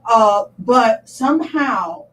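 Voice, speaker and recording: A woman's voice: on the high side, expressive, slow pace. A woman hosting a talk show, affirming and encouraging her guest in a preacherly way. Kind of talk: supportive talk-show chat. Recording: distant mic with faint noise.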